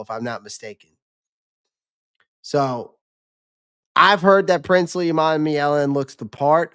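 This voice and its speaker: Rambling male livestream host, smooth voice. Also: mid-range voice, a bit bright. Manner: loose, rambling, with many restarts and fillers. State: losing his voice. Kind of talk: casual livestream commentary.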